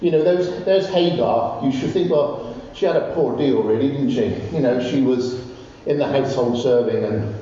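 A man preaching a sermon, telling Bible stories with animated, rising exclamations. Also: medium pitch, normal speed, few pauses. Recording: distant, roomy, dull recording with faint noise.

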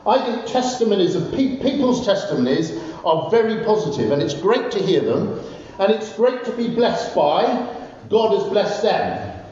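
A man preaching a sermon, telling Bible stories with animated, rising exclamations. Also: high voice, moderate pace, few pauses. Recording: distant, roomy, dull recording with faint noise.

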